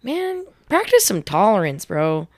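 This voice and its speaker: A woman's voice: medium pitch, wildly swooping pitch, unhurried, dry recording, clean studio sound. Easygoing young woman co-hosting a podcast. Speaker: podcast co-host. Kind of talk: casual chat.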